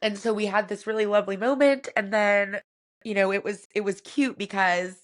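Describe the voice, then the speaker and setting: A woman co-hosting a podcast, telling a personal family story in a soft, reflective way with many casual fillers. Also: medium pitch, steady tone, normal speed. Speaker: podcast co-host.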